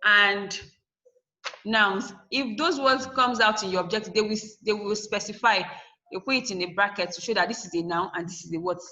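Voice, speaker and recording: A woman's voice: medium pitch, moderate pace, bright, forceful tone, muffled recording. A woman teacher giving a classroom lesson, asking and answering her own questions and spelling words out letter by letter.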